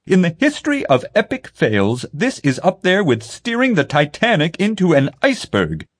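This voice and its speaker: A man voicing a vain, pompous male head of public relations who turns shrill and loud when angry. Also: sing-song, moderate pace. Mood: screaming.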